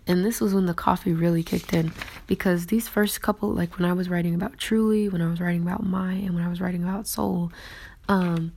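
Soft-spoken woman with a gravelly edge. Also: lowish voice, level tone, a little fast. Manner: earnest and reflective, with restarts. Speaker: faith vlogger sharing her journaling. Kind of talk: casual devotional talk.

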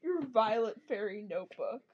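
A young woman co-hosting a podcast, teasing and reacting quickly. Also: medium pitch, sing-song, dull audio, heavy background noise. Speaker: podcast co-host. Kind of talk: casual chat.

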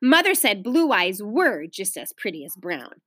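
Expressive woman teacher reading a novel aloud. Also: mid-range voice, unhurried, no echo. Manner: expressive, clear storytelling. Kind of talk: read-aloud of a children's novel.

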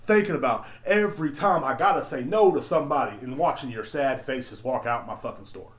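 A man hosting a podcast, telling work stories in a blunt, profane, animated rant. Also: medium pitch, fairly quick. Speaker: podcast host. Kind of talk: casual storytelling rant. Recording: roomy echo.

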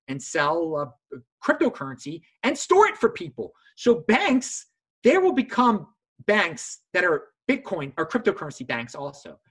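A man hosting a casual chat, talking in an animated way and mocking others in a high voice. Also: breathy edge. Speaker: host.

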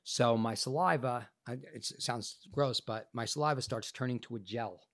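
A man, an actor guest on a podcast, telling a story in a profane, animated way, his voice changed by illness. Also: mid-range voice, moderate pace. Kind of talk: casual podcast interview storytelling.

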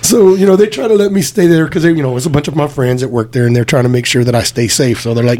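Fast-talking, husky, foul-mouthed storyteller man. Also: medium pitch. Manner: profane, animated storytelling with acted-out quotes. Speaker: podcast host telling stories. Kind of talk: casual storytelling chat.

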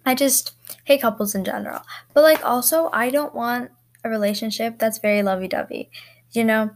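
A woman's voice: a little high, moderate pace, slight background noise. Chatty young woman, rambling podcast. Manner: rambling, chatty, with frequent likes and ums; self-mocking. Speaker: podcast host. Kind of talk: casual solo chat.

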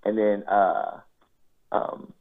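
A man's voice: on the low side, flat delivery, very slow, gravelly. A man telling a casual first-person anecdote, swearing freely and acting out his own quoted lines. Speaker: storyteller. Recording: tinny phone-like sound.

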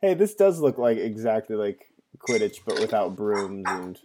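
Excitable man, lowish voice, faint hiss. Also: normal speed. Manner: excitable, swears freely. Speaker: podcast co-host. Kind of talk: casual chat.

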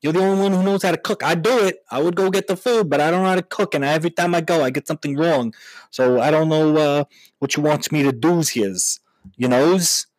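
A man's voice: fairly high pitch, brisk, dry recording, pitched above the performer's own voice, close to an everyday voice, rough recording. A middle-aged contractor husband whines and pleads in a raised, nasal-edged voice, as a man puts him on. His grammar slips as he begs, and the sound is dry. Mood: pleading. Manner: whiny, pleading, mangled grammar.

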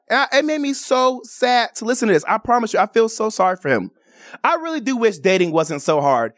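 A woman's voice: fairly high pitch, a little fast, dry recording, studio quality. A woman from Chicago hosting a radio and TV talk show, chatting casually with playful, theatrical outbursts. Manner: animated, playful, theatrical cries and bird calls. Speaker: radio and TV host. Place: radio studio.

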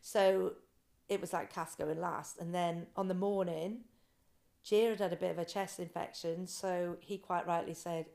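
A woman guest on a podcast, telling her swim story with animated quoted voices. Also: fairly low pitch, a little slow, vocal fry. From Britain. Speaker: guest, ice swimmer. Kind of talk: casual interview storytelling.

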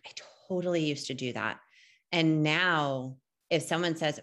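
A woman with a low voice speaks in a relaxed podcast chat. She talks earnestly and reflectively, now and then acting out what other people say. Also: unhurried. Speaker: podcast co-host. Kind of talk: casual podcast conversation.

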